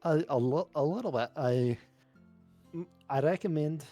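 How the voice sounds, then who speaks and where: A man's voice: a little high, normal speed, mellow, soft background music, voice pushed up, lightly acted. A man voicing an awkward, shy male dwarf sailor who talks hesitantly and stammers. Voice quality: hesitant, stammering, clears throat.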